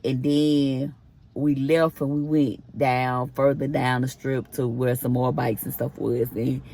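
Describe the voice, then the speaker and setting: A woman's voice: extremely low pitch, gravelly, darkish tone, slight background noise. A woman vlogger telling a personal story in a casual storytime, acting out the quoted back-and-forth as she goes. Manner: chatty retelling with acted-out quoted dialogue.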